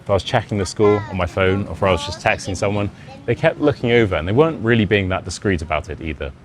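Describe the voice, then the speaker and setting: Young english guy with a posh rp accent, deep voice, chatty story time, a little bit of hiss behind. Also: quick pace. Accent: Modern RP British. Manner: chatty, self-deprecating, acts out quoted dialogue. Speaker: English teacher. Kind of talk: casual storytelling anecdote.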